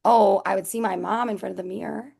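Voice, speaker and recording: A woman's voice: mid-range voice, quick pace, vocal fry, breathy edge. A young adult woman chatting casually in a webinar, telling stories animatedly and mimicking voices, heard over a video call. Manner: animated storyteller, mimics her mom.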